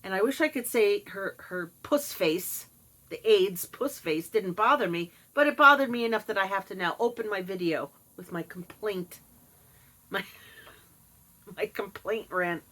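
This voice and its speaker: A woman's voice: mid-range voice, animated, a little slow, a bit bright. A middle-aged woman talking casually to camera, sarcastic and mocking, putting on voices when she quotes people. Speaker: vlogger. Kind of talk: casual monologue.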